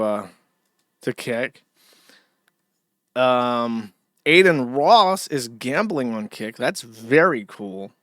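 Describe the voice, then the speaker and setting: A man's voice: medium pitch, fairly bright tone, no echo, studio quality. A man hosting a livestream, ranting and swearing in casual commentary. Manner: profane, ranting. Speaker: stream host.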